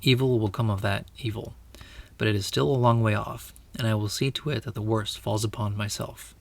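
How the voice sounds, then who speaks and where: A man voicing a great, kingly male lion who speaks in a grave, measured, commanding way. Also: fairly low pitch, fairly even intonation, vocal fry. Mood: solemn.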